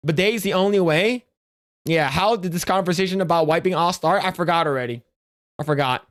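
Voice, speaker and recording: A man's voice: sits high, brisk. A man live-streaming in casual chat, crude and profane, rambling with restarts in a jokey instructional tone.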